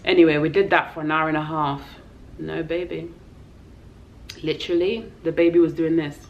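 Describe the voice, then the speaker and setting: A woman's voice: low voice, fairly even intonation, normal speed, dull audio, a little hiss or hum. A young woman with a London accent, a vlogger telling an emotional personal story in a heartfelt, tearful way. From England. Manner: tearful, heartfelt, acts out voices in her story.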